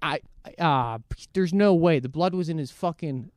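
A man's voice: fairly high pitch, normal speed, no room sound, studio quality. A man telling a crude story in casual chat, swearing often and acting out the voices of the people in it. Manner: animated storyteller, swears a lot, acts out quotes. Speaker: podcast co-host.

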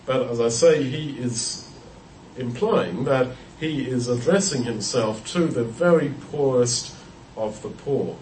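Male Bible teacher, mid-pitched, thoughtful, repeats himself as he explains; echoey room with faint ambience. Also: slow pace, darkish tone, a little hiss or hum. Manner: thoughtful, explanatory, with frequent restarts and repeated words. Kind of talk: unscripted Bible study talk. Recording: roomy echo, heard from a distance.

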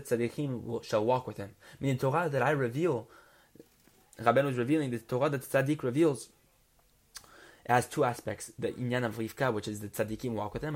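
A man teaching a text study lesson. He reads Hebrew lines quickly, then explains them in English and often restarts his phrases. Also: medium pitch. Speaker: Torah teacher.

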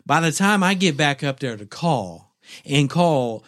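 Middle-aged male co-host, lively storyteller who swears freely, dry close-mic sound. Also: fairly high pitch, measured pace, no room sound. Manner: animated, swearing, acts out his own shouts. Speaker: podcast co-host. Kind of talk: casual storytelling chat.

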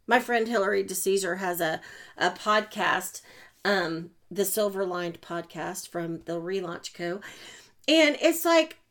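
A woman talks through a motivational podcast monologue in a slightly high voice. She is chatty and self-mocking, with sudden loud, excited bursts. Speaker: podcast host and coach.

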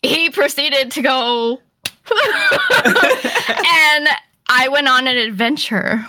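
A woman telling a casual story on a podcast, acting out her own past reactions in an animated way. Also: fairly high pitch, dry recording. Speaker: podcast guest.

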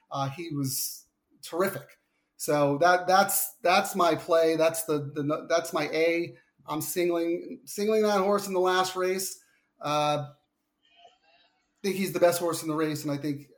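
A man with a Long Island New York accent, a horse racing handicapper giving casual, rambling analysis. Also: fairly high pitch. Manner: relaxed, rambling with restarts.

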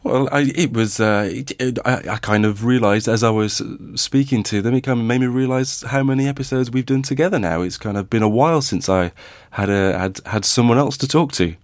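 A man's voice: medium pitch, a little fast, few pauses, no room sound. A man hosting a podcast in casual chat, hesitant and full of restarts, with dry teasing humor. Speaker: podcast host.

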